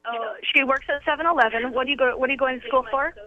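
A woman's voice: sits high, very fast, a crowd in the background. Woman caller, rambling, many fillers, muffled phone sound. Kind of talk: phone report from outside.

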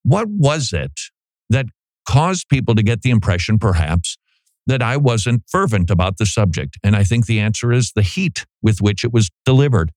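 A middle-aged man, a pastor, giving a folksy, animated commentary with frequent restarts on a close studio mic. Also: fairly low pitch, moderate pace, no echo. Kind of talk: conversational commentary monologue.

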